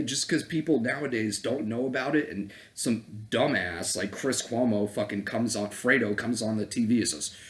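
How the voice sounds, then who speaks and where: A man from Connecticut in the US giving a heated, profane political rant, full of sarcastic mimicry. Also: mid-range voice. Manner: profane, angry, swings into mocking voices. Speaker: political commentator. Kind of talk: heated ranting commentary.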